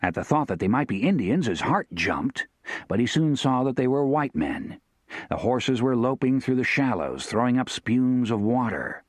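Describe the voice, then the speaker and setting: A man narrating a western novel as an audiobook, telling the story in a steady, expressive way. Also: medium pitch, moderate pace, no room sound.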